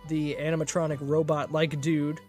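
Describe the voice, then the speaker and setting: A man's voice: fairly high pitch, level tone, moderate pace, music in the background. A man narrating a tabletop game as game master, in a laid-back, joking way.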